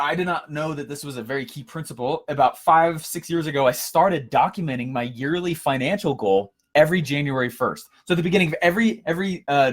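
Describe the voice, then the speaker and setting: Energetic man coaching with fillers. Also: a little high. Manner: energetic, storytelling, frequent fillers and restarts. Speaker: course instructor. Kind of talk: casual coaching talk.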